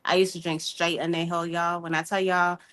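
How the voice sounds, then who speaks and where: Lively, slangy woman with a bright voice. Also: fairly low pitch, fairly quick. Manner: animated, talkative, slangy storytelling. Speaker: podcast guest. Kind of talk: casual group chat.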